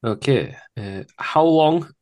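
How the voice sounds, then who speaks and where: A man's voice: medium pitch, lively intonation, slow, a little mellow. Laughing man hosting a quiz. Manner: laughing, joking, swearing. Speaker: quiz host. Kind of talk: casual podcast quiz chat.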